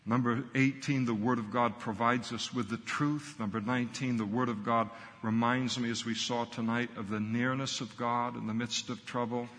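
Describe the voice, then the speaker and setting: A man's voice: mid-range voice, fairly even intonation, normal speed, a bit bright, in a large hall. A middle-aged man, a pastor, preaching a sermon earnestly and emphatically in short punchy phrases.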